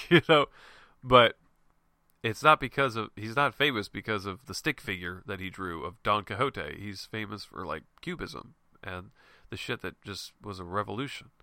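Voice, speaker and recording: A man with a fairly low, expressive voice hosts a show at a moderate pace, his tone sharp and his recording dry. Stuffy and nasal from a head cold, this comic artist offers fellow artists loose, frank encouragement in a casual motivational monologue. He rambles, laughs, and swears mildly.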